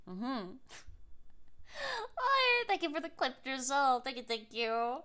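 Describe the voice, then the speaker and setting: Woman streamer, bright and bubbly, giggles a lot, coos at her pets. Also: high-pitched, animated, takes it slowly. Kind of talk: casual live-stream chat.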